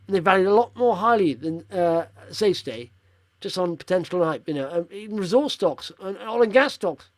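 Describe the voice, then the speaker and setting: Male investing vlogger, tired and rambling, slightly higher voice, dry close recording. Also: animated, normal speed, dry recording. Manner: chatty, rambling, blunt opinions. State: tired after a long drive. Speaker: stock-picking video host. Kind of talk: casual market commentary over charts.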